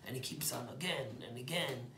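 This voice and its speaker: A man, a rabbi, telling a story as a sermon, dropping to hushed whispers and rising to loud, emphatic bursts. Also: mid-range voice, moderate pace, roomy sound, a little hiss or hum.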